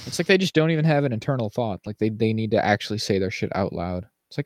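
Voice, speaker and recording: Man, podcast co-host, low voice, animated ranting, dry close recording. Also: fast talker, no echo. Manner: animated, ranting, mimics people in quotes. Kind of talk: casual chat.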